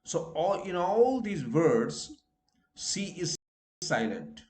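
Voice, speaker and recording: A man from India with an Indian English accent, teaching a recorded pronunciation lesson and drawing out each example word slowly and deliberately. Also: fairly high pitch, very animated, darkish tone, roomy sound.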